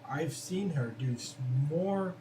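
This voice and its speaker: An earnest man hosting a casual talk, thoughtful and often restarting his sentences. He sits away from the mic in a roomy space, and clear background noise runs under his voice. His pitch is in the middle of the male range. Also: animated, slow pace, far from the mic. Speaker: host. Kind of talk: casual podcast conversation.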